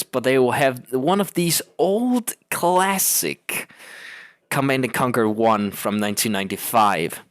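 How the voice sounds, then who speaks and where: A man's voice: mid-range voice, no room sound, studio quality. A young man with a Danish accent rambles through casual gaming commentary, laughing often and swearing freely. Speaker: gaming channel host.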